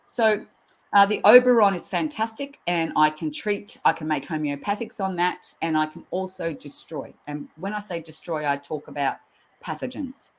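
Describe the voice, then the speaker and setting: Appearing as an interview guest, a nurse educator in her sixties talks at a moderate pace in a low voice. She's blunt and earthy in this casual chat, often laughing as she tells her stories.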